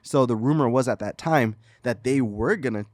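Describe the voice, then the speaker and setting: A man co-hosting a casual gaming podcast, telling stories in a relaxed way and acting out crowd reactions. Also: medium pitch, normal speed, dry recording. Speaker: podcast co-host.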